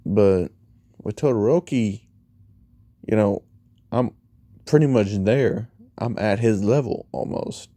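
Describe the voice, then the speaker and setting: In casual fan-fiction storytelling, a man rambles unhurriedly through his tale, voicing each character's lines himself with "he's like" and "you know." His tone is deep-set and mellow, recorded close to the mic in a dead, dry room with no echo.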